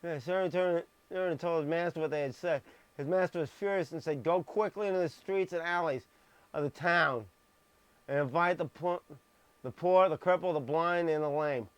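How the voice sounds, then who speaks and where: A man's voice: on the high side, moderate pace, clean tone, no room sound. A man reading scripture on a live stream, stressing words and dropping blunt, sarcastic asides. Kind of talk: live-streamed Bible message. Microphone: streaming microphone.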